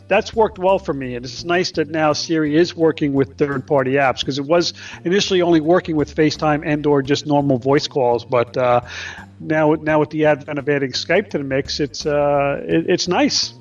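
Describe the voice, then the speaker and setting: A man co-hosting a podcast explains things in detail and teases his partner. His voice sits fairly high. He sounds set back from the mic on a dull lo-fi recording, with faint music behind. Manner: explanatory, teasing. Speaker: co-host. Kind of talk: casual podcast chat. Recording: distant lo-fi audio with faint music.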